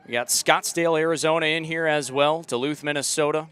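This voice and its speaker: A young man calling a live soccer match outdoors, relaxed and chatty, and loud on close chances. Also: on the high side, a little fast, smooth. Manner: relaxed chatty commentary, rising to loud excited calls. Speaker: play-by-play commentator. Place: outdoor stadium.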